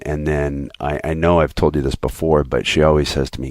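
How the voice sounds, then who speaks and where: A man with a very deep voice co-hosts a podcast, trading dry jokes and teasing his partner. His talk is relaxed and casual, recorded close with no room sound. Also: brisk, no echo. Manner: joking, dry teasing banter. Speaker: podcast co-host. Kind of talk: casual chat.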